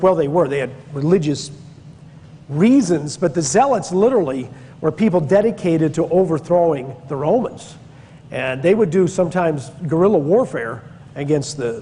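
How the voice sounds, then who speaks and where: This is a Pennsylvania man lecturing on church history, Bible-class style, chatty and prone to digressions, punching key words. His slightly high voice has a warm tone. A long reverb tail trails each phrase, and a little hiss or hum sits underneath.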